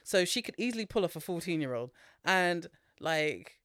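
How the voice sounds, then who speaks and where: Animated podcaster, dry close mic. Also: mid-range voice, normal speed, no echo. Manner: animated, laughs often, swears freely. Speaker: podcast co-host. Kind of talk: casual chat, retelling a film.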